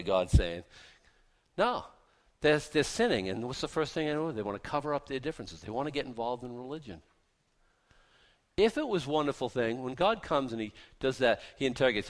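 A man preaching with a folksy, down-to-earth bite, firing rhetorical questions at his listeners. He slips into animated voices as he talks, and his voice sits at an ordinary middle pitch for a man. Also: moderate pace. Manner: animated, acts out voices of biblical figures. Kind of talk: sermon.

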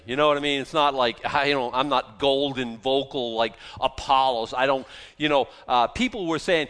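A man's voice: mid-range voice, moderate pace, a bit bright, clear, resonant tone. A man preaching a casual, conversational Bible sermon, folksy and self-deprecating, often restarting his sentences. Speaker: pastor.

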